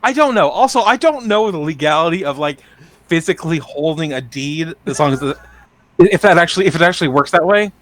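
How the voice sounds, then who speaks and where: A man's voice: fairly high pitch, lively intonation, brisk, fairly bright tone, no echo. A man co-hosting a podcast, loose and enthusiastic in casual chat, with some cursing. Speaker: podcast co-host.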